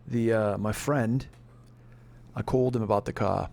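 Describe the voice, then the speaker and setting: A man's voice: lowish voice, fairly even intonation, moderate pace, vocal fry, darkish tone. A man putting on an Australian accent to voice a laid-back, friendly mechanic who talks bluntly and straight. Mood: confiding.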